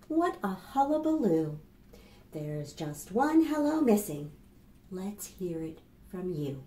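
A woman librarian leading a children's storytime, reading aloud in an animated, sing-song way and talking straight to young children. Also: mid-range voice, takes it slowly, echoey room.

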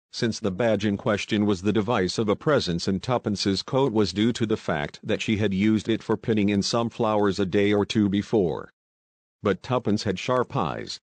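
An audiobook narrator, a man with a fairly low voice, reads a novel aloud from a script at a steady, even pace. The recording is dry and close, with no room sound.

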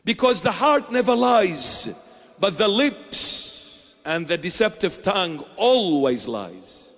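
A man's voice: high-pitched, animated, slow, fairly bright tone, in a large hall. A man preaching a sermon as a bishop, emphatic, firing off repeated rhetorical questions.

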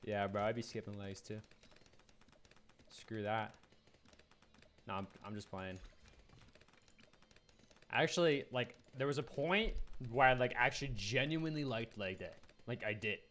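A man's voice: on the low side, unhurried, pauses often, fairly bright tone, slight background noise. A young man at home chatting casually and rambling while streaming a video game. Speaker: gaming streamer. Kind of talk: casual livestream commentary.

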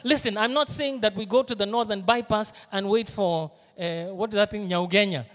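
A man with a Kenyan accent preaching a sermon as pastor, animated, moving from hushed asides to loud emphasis. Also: high-pitched, moderate pace, hardly any pauses, big-room sound. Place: church auditorium.

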